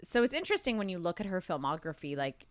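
A woman co-hosting a film podcast, chatting casually and reading scripted introductions in a calm, soothing tone. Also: on the low side, fast talker, no echo. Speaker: podcast co-host. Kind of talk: casual chat and read narration.

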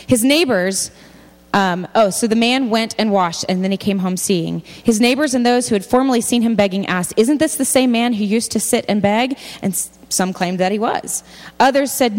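A woman giving a sermon, reading scripture aloud and stopping to comment directly to her listeners. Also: a little high. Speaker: speaker giving a faith talk. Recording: long hall reverb.

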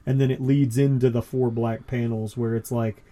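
A man's voice: mid-range voice, level tone, moderate pace, dark tone. A man co-hosting a casual podcast, describing comic panels in a rambling, laid-back way and laughing often. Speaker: podcast co-host. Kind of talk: casual chat about comics.

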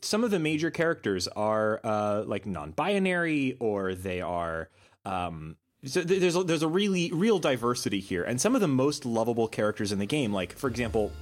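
A man's voice: fairly low pitch, big pitch swings, moderate pace, soft background music. A man from Texas co-hosting a podcast, talking earnestly with frequent restarts. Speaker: podcast co-host. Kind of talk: casual podcast discussion.

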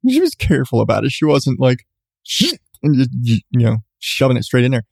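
Podcast dad, mid pitch, rambly and self-mocking, dry close mic sound. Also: male voice, lively intonation, fairly quick, gravelly, a little mellow, dry recording. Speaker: podcast host. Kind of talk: casual storytelling.

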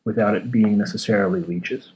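A man's voice: lowish voice, steady tone, fairly quick, darkish tone, a little hiss or hum. Dry-voiced male podcast co-host. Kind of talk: casual podcast chat.

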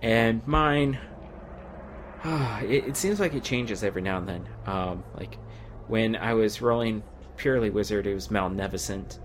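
A man's voice: lowish voice, a little slow, slight background noise. A man co-hosting a casual gaming podcast, rambling and chatty, his voice wearing out. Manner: rambling, chatty, laughs often. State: losing his voice. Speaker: podcast co-host.

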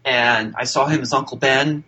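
A man with a bright, forceful voice tells a casual showbiz anecdote as a podcast guest. His talk is chatty and loose, with frequent fillers and restarts, at a middle pitch. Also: fairly even intonation, moderate pace, rough recording.

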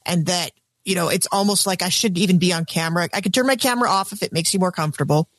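A woman joining a podcast panel over a video call, dry and deadpan in her humour. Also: on the low side, quick pace, no echo. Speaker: podcast correspondent. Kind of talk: casual podcast chat.

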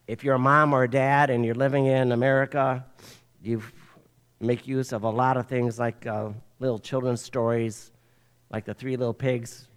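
An older man preaching a sermon, telling a children's story with an animated preacher's delivery. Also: mid-range voice, normal speed, clean tone. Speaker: pastor.

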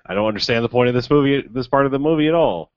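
A man's voice: mid-range voice, animated, rapid-fire, no echo, muffled recording. A man co-hosting a casual movie review chat, wry and bemused, often laughing. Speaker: podcast co-host.

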